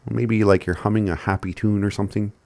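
A man giving a casual language lesson, laid-back and chuckling often as he spells words out slowly. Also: fairly low pitch, fairly even intonation, gravelly, darkish tone, no room sound. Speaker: language teacher.

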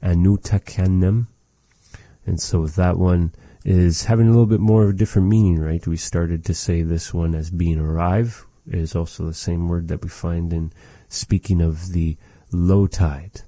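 A man teaching vocabulary in a language lesson, explaining words slowly and patiently and repeating each one after the recorded speakers. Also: sits low, level tone, warm tone, no room sound.

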